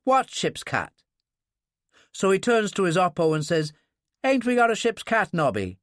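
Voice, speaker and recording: A man voicing a blunt, jovial older ship's doctor who tells stories with animated relish. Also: high-pitched, unhurried, no echo, clean studio sound, pitched above the performer's own voice, full character voice. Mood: wry storytelling. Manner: hearty, animated, fond of telling stories.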